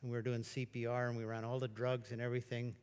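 A man preaching a sermon in a conversational, storytelling way, at times breaking into excited exclamations. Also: mid-range voice, quick pace, smooth. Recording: long reverb of a large hall.

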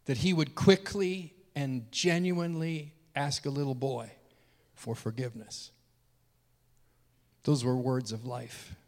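Earnest male preacher in a reverberant hall. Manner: earnest, swings from hushed to loud and high when moved. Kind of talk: sermon storytelling.

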